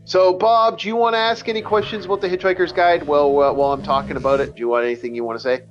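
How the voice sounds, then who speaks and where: A man's voice: a little high, steady tone, very fast, lo-fi sound, faint music behind. A man hosting a casual gaming chat, rambling and swearing with many stumbling restarts. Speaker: let's play host. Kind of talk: casual chat over gameplay.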